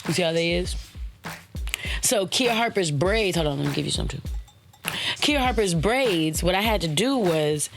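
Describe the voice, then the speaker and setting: A woman hosting her own podcast, giving casual motivational talk in a playful, slangy way, with swooping high exclamations and web addresses spelled out letter by letter. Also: expressive, normal speed, vocal fry, music in the background. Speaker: podcast host.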